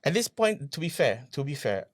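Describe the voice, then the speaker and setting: A man, a podcast guest telling his business story in a casual interview, animated, repeating phrases and asking rhetorical questions. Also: fairly high pitch, moderate pace, no echo, clean studio sound.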